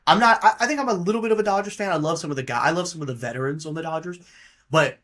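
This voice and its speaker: A man's voice: on the high side, very fast, fairly bright tone. A man hosting a casual solo podcast monologue, rambling and offhand and swearing casually. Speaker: podcast host.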